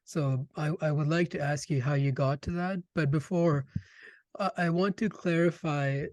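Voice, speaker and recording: A man hosting an interview, asking questions in an eager, animated way. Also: fairly high pitch, moderate pace, dry recording. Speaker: podcast host. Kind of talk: conversational interview.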